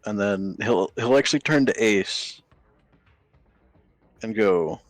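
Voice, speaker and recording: A man narrating a tabletop role-play as game master in a calm, low-key way. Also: takes it slowly, no room sound, faint music behind.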